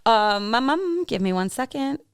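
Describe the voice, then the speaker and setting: Woman rambling thru a true crime story on a podcast, laughs a lot, smooth voice, dry sound. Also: on the high side, expressive, measured pace, dry recording. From American Midwest. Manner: rambling and chatty, laughs often, many fillers. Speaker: podcast co-host. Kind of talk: casual true-crime chat.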